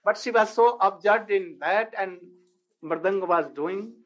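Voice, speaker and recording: A male spiritual teacher gives a devotional lecture, narrating a sacred story in halting non-native English and posing rhetorical questions to listeners. His voice is high with a fairly bright tone, and the recording is rough.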